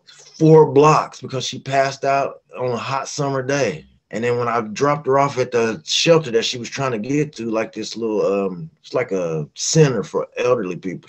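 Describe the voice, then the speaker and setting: A middle-aged man from West Virginia, a singer telling stories as a guest in a casual interview and acting out the voices he quotes. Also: medium pitch. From West Virginia, USA. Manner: animated, acts out quoted voices.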